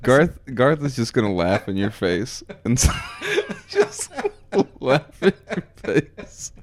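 A man playing in a tabletop game, playful and quick to laugh. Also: medium pitch, huge pitch swings. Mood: amused. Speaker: player. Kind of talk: in-character tabletop play.

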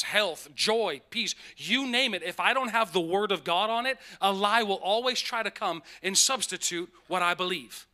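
A man preaching a sermon as pastor, animated and emphatic, slowing down on key phrases and tossing in playful asides. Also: sits high.

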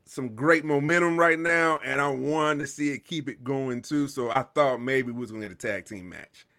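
A man's voice: mid-range voice, normal speed, vocal fry, pushed and bright. A man co-hosting a live talk stream, joking and riffing in playful casual chat. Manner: playful, jokey, laughs and riffs. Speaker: co-host of a wrestling talk stream.

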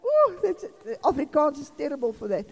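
A woman's voice: sits high, huge pitch swings, fairly quick, vocal fry. A South African woman in her sixties preaching an informal sermon in a chatty, rambling way with laughing asides. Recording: long reverb of a hall.

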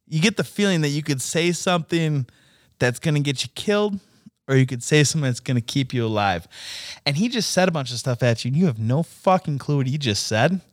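A young man telling a story in casual chat, animated and profane, laughing a lot and acting out what people said. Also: fairly high pitch, moderate pace, dry recording, studio quality. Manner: animated, swearing, laughing often, acting out quotes.

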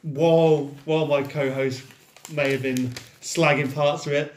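A man's voice: a little high, steady tone, a little slow. A man co-hosting a casual film podcast, upbeat and wry as he sums up the plot. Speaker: podcast co-host. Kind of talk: casual film review chat. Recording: echoey room.

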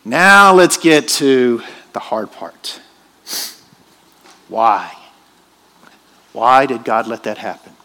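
A man's voice: medium pitch, sing-song, drawn-out words, long pauses, pushed and bright. A man preaching a sermon in a church, emphatic and questioning his congregation. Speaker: pastor.

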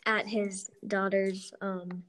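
A woman's voice: mid-range voice, flat delivery, slow, fairly bright tone. A woman casually retelling a movie's plot in a rambling way, full of "like" and "blah blah". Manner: rambling, filler-heavy retelling with lots of "like" and "blah blah". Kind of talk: casual chat.

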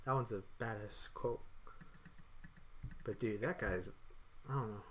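A man's voice: lowish voice, unhurried, slight background noise. A man co-hosting a casual podcast, rambling loosely with frequent restarts. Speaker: podcast co-host. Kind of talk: casual chat.

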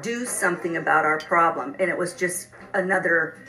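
A woman's voice: lowish voice, normal speed, pushed and bright, faint music behind, low-quality recording. A woman co-host in casual chat, with a plain, let-down tone.

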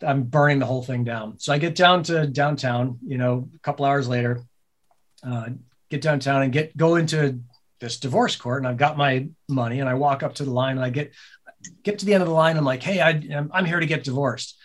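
A man telling a personal story in a casual podcast conversation, animated and swearing freely, laughing as he goes. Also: mid-range voice, a little fast. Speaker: podcast guest, business co-owner.

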